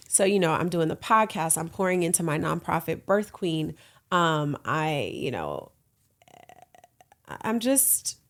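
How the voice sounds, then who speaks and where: A woman in her late thirties hosting her own podcast, talking frankly and playfully, laughing often and cheering listeners on. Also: fairly low pitch. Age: 30s. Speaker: podcast host. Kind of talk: casual solo podcast talk.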